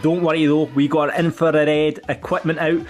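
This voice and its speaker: A man's voice: fairly high pitch, little pitch movement, normal speed, a little mellow, soft background music. A man hosting a podcast as its producer, making jokey, teasing introductions.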